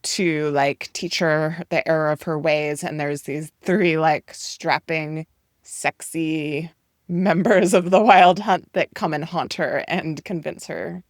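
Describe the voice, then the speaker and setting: A woman co-hosting a casual book podcast, talking in an easygoing, relaxed way with plenty of filler words. Her voice is on the low side. The sound is dry and close. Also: slow, no room sound. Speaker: podcast co-host.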